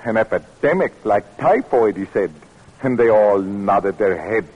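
An actor playing a determined middle-aged male doctor in a 1940s radio drama, speaking in an earnest, measured way with a husky voice. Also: on the low side, expressive. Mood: angry, resolute. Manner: earnest, measured, flares into anger. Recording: dull lo-fi old radio recording.

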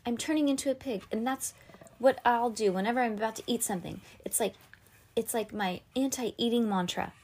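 A woman voicing bossy, pushy teenage girl sisters in a storybook reading, shrill and bickering. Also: brisk, a little mellow, a little hiss or hum, lightly acted.

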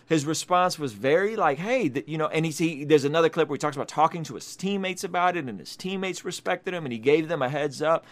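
A man's voice: fairly high pitch, fast talker, hardly any pauses. A young man giving casual video commentary as a Christian commentator, emphatic, repeating himself and often asking "right?".

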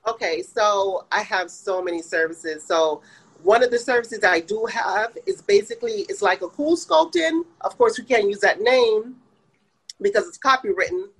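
A woman's voice: medium pitch, animated, normal speed, husky, rough recording. A woman with a Jamaican accent, a spa owner answering interview questions plainly, with many fillers. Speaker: day spa owner, guest.

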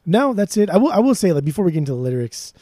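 A podcast co-host talking with animated enthusiasm, cursing freely and joking around. His voice sits a bit high for a man but sounds mellow and dark in tone. The recording is dry, with no room sound. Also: racing, no echo. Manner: animated, swears casually, jokey. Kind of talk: casual music podcast chat.

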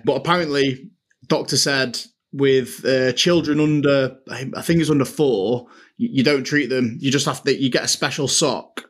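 A man's voice: medium pitch, fairly even intonation, normal speed, fairly bright tone. A man, co-hosting a casual podcast chat and telling stories with laughs, calling his co-host mate. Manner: chatty, laughing storyteller, says "mate" a lot.

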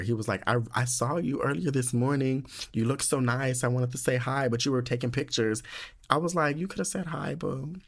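Sassy chatty young man podcaster. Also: a bit bright. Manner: sassy, chatty, dramatic, swings into high squeals when emotional. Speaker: podcast host. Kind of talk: casual solo podcast chat.

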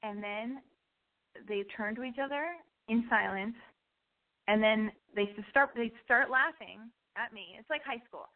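A woman telling a comic story in an animated, rambling way, full of restarts and asides. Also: on the high side, measured pace. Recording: tinny phone-like sound.

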